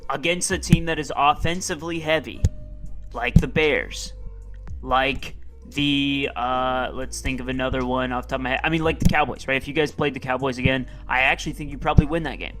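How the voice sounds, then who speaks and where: A man co-hosting a sports podcast, thinking aloud hesitantly with many pauses. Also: medium pitch, fairly even intonation, fairly bright tone, soft background music. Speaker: podcast co-host. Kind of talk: casual sports chat.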